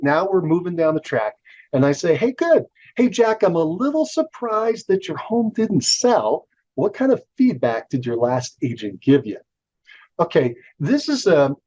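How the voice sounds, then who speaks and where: A man's voice: medium pitch, darkish tone, highs cut off. A man coaching on sales scripts in a conversational manner, with fillers and self-corrections. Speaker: real estate sales coach. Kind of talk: instructional talk walking through a call script.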